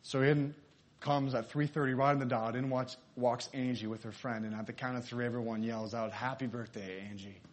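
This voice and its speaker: A man's voice: mid-range voice, fairly even intonation, fairly quick. A man preaching, telling a story in a sermon and acting out the characters' lines.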